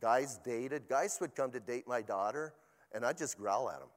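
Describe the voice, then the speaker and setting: A man's voice: mid-range voice, moderate pace. Older man preaching in an echoing hall. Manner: conversational preaching, animated storytelling with asides. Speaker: pastor. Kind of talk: sermon.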